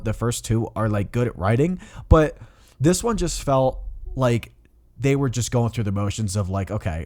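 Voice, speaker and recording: A man's voice: mid-range voice, darkish tone, dry recording. A young man co-hosting a casual film review podcast, blunt and critical, swearing freely as he rants. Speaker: podcast co-host.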